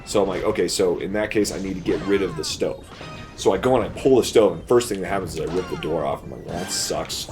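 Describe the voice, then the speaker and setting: A man's voice: low voice, quick pace, over music. A man hosting a game playthrough, telling a long story casually and laughing through it. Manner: animated, laughs through his own story. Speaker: let's play host. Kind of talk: casual storytelling over gameplay.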